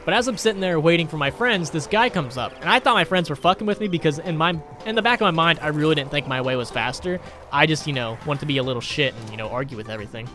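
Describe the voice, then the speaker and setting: A man's voice: fairly high pitch, expressive, fast, pushed and bright, faint music behind. A young man telling a crude, sarcastic story while he plays and comments on a game. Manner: crude, sarcastic, rambling anecdotes. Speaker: gaming YouTuber. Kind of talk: storytelling over gameplay commentary.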